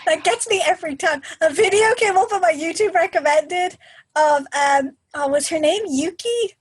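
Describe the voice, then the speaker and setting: Animated high-pitched woman, expressive podcast co-host, dry recording. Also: normal speed, no room sound. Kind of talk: casual chat.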